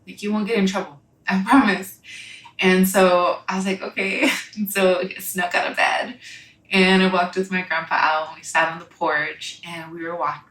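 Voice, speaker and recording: A young woman telling a personal story in a halting, reflective way, often pausing with "like" and "you know.". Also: on the low side, fairly bright tone. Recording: echoey room.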